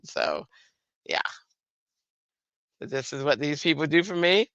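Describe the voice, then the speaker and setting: A woman hosting a late-night craft livestream, chatting casually with lively voiced asides. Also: deep voice, normal speed, long pauses, dry recording, poor audio. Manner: chatty, animated storytelling with playful voiced asides. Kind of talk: casual chat.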